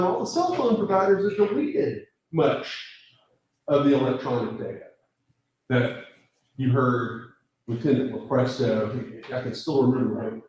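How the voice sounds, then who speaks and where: A man's voice: mid-range voice, a little mellow. Emphatic male defense attorney, echoey courtroom. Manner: emphatic, rhetorical questions to the jury. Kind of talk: courtroom closing argument.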